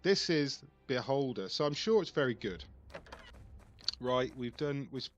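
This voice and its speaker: A man's voice: mid-range voice, highs cut off. A man giving casual let's play commentary, thinking aloud and reading on-screen text with puzzled asides.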